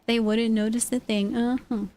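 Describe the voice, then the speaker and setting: Brief: woman from California as a laid-back streamer, giggly and talkative, higher-pitched voice. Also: little pitch movement, darkish tone. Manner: chatty, laughs often, quick asides. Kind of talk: casual livestream chat, reading chat aloud.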